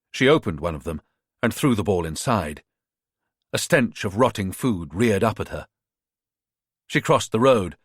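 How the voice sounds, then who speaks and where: A man narrating a thriller audiobook in a measured, expressive reading. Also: fairly low pitch, breathy edge, no echo, clean studio sound.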